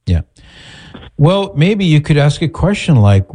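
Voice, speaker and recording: A man hosting an advice talk, answering a caller calmly and directly. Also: on the high side, a little slow, pauses often, breathy edge. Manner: calm, direct, advising. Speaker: host giving advice.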